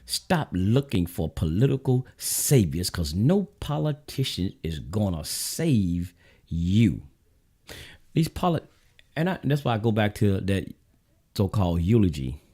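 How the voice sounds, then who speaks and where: A Southern US man hosts a show, delivering a blunt, preachy political monologue straight to his viewers and repeating his points like a street-corner sermon. His voice is low, mellow and dark, a little slow, with big pitch swings.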